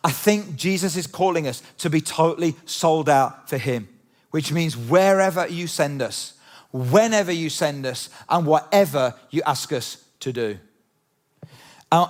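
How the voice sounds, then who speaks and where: A man preaching a sermon in a church, animated and conversational, full of rhetorical questions. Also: on the high side. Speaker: pastor. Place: church auditorium.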